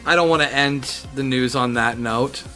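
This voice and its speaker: Bright-voiced blunt podcast co-host man. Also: mid-range voice, normal speed, soft background music. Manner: blunt, laughing, agreeable. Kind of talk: casual movie podcast chat.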